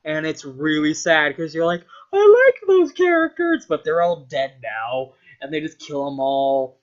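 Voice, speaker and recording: Rambling casually through a story, a young man who vlogs peppers his speech with swearing and the filler word "like". His voice sits a little high with a steady tone, slightly slow and a bit bright, and the recording is dull and lo-fi.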